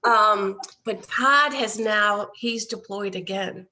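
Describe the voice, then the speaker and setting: A woman's voice: medium pitch, slow, bright, forceful tone. A woman guest in an online interview, earnestly telling how her care-package effort grew, often quoting others. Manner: earnest, storytelling with quoted voices. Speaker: guest, nonprofit founder. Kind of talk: casual interview storytelling. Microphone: video call.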